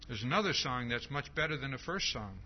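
A man preaching a sermon, reading scripture aloud and asking "see?" again and again in a slow, emphatic way. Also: medium pitch, animated, slight background noise. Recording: dull lo-fi recording.

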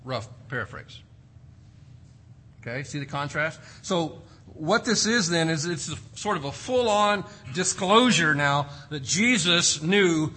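Male preacher, high bright voice with a husky edge, emphatic, rhetorical. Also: rough recording. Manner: emphatic, rhetorical questions, drawn-out stressed words. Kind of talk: expository sermon.

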